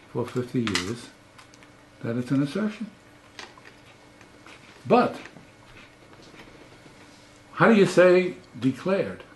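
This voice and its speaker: A man's voice: a little high, a little mellow, a little hiss or hum. An older man, a professor giving a lecture, emphatic and full of rhetorical questions. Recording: roomy echo.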